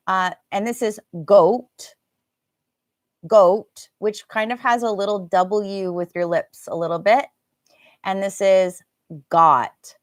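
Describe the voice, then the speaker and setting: With a mid-range, slightly bright voice, this English teacher runs a live online pronunciation lesson in an American accent. She laughs and chats as she replies to comments from viewers, captured in a dry, clean studio recording.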